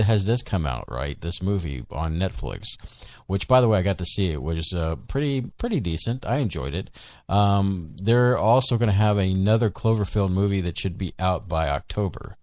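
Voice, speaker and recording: A man's voice: lowish voice, a little mellow, clear, resonant tone, no echo. A man co-hosting a live show, chatting casually, rambling with many ums and restarts. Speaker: podcast co-host. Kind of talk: casual live-stream chat.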